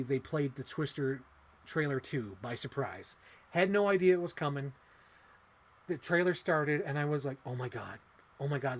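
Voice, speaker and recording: A man in his thirties hosting a casual livestream, rambling excitedly and swearing casually. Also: fairly high pitch. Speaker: livestream host.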